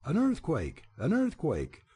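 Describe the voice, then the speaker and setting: Storybook ogres, cowardly and yelling in panic, man putting them on high and strained. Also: wildly swooping pitch, takes it slowly, slightly rough, exaggerated voice. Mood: panicked. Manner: frightened yelling.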